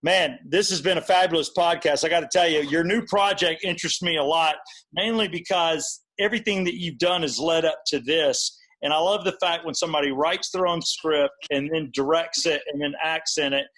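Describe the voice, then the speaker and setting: High-pitched male host, eager, swearing, joking with his guest. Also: steady tone, normal speed, fairly bright tone. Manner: enthusiastic, swearing, joking banter. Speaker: podcast host. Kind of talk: casual podcast hosting.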